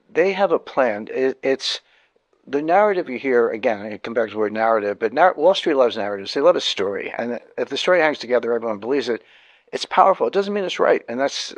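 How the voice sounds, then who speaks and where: A man's voice: mid-range voice, no room sound. Emphatic man explaining economics. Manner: emphatic, repeats key points, frequent restarts. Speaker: interview guest, economic commentator. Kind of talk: explanatory interview talk.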